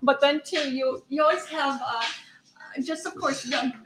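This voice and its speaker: A woman's voice: sits high, fairly even intonation, normal speed, noisy background. A woman co-hosting a casual chat show, reading out viewer comments and giggling often. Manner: giggly, reads comments aloud. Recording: echoey room with faint background sound.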